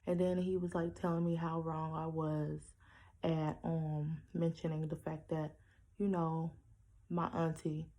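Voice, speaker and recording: A woman's voice: fairly low pitch, mellow, poor audio. A young woman vlogger telling a personal story to her viewers in a blunt, sassy way.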